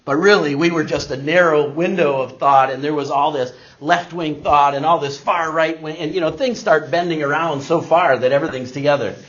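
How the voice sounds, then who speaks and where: A man's voice: fairly high pitch, fairly quick, hardly any pauses, fairly bright tone. A middle-aged man giving a talk, telling a personal story to an audience and acting out the people he quotes. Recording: dull lo-fi recording.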